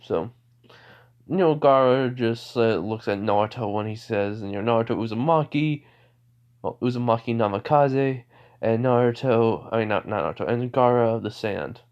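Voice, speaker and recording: A man's voice: fairly low pitch, moderate pace. A young man casually retelling a fan story, rambling with many restarts, in a dull lo-fi recording. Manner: rambling, many fillers and restarts, laughs often.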